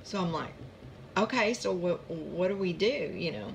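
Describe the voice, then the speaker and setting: A woman's voice: lowish voice, normal speed, a little hiss or hum. A woman casually telling a long personal story about her chronic pain, chatty and rambling, with many asides.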